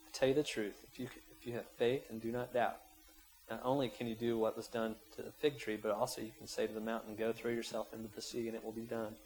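A pastor with a fairly low, fairly flat voice preaches quickly on a low-quality recording. As he retells a scripture story and leads his church in prayer, he grows more emphatic, reaching loud peaks whenever he voices prayers and quotes.

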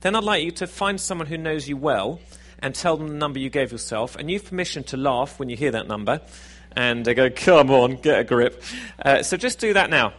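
A man's voice: on the high side, expressive, a little fast, hardly any pauses, fairly bright tone. A man preaching a sermon in a conversational, self-deprecating, jokey way.

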